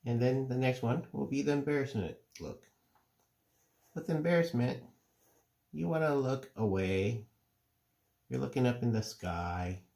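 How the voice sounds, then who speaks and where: A middle-aged man calmly explaining, step by step, how to draw cartoon faces. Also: medium pitch, vocal fry. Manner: relaxed, unhurried step-by-step explaining. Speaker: drawing teacher. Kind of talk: casual drawing tutorial.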